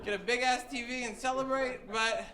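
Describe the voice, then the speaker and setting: A young man telling a stand-up story, animated, jumping into loud high voices for the people in it. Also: moderate pace, poor audio. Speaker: stand-up comedian. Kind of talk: stand-up comedy set. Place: comedy club stage. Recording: live club with crowd laughter. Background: audience laughing.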